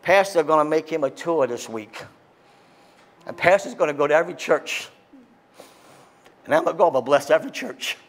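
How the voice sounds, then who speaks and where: A man, a pastor, preaching a sermon with impassioned, excitable delivery that swings between loud peaks and quiet scripture reading. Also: fairly high pitch, a little fast, long pauses.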